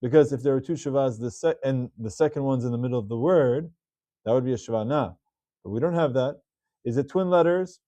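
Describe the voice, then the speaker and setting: A man teaching Hebrew reading rules in a patient video lesson, repeating key words slowly. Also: mid-range voice, mellow, no room sound.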